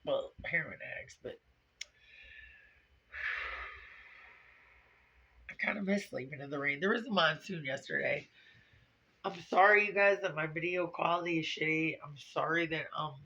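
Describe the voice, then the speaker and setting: A woman's voice: unhurried, long pauses, bright, forceful tone. A tearful woman vlogging confessionally, blunt, profane and rambling. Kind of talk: confessional vlog. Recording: lo-fi low-quality video recording.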